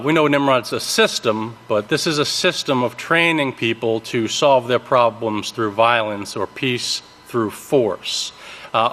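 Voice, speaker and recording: A man giving a sermon, teaching from scripture in a halting way with many ums, restarts and checks of "okay?". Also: medium pitch, a bit bright. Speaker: preacher. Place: large worship hall. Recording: long reverb of a large hall.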